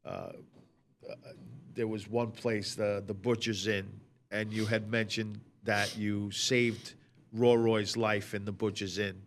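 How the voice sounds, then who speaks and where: A man interviewing his co-host, asking questions haltingly, with many restarts and fillers. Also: lowish voice, little pitch movement, a little hiss or hum. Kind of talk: casual interview chat.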